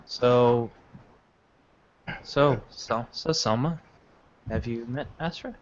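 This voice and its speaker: A man's voice: mid-range voice, slow. A man running a tabletop role-play game, talking loosely with many fillers. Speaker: game master. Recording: dull lo-fi voice chat with faint noise.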